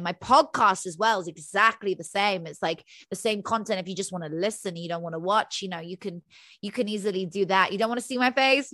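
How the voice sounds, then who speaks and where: A woman mindset coach speaking as an interview guest, energetic and motivational. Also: medium pitch, no echo.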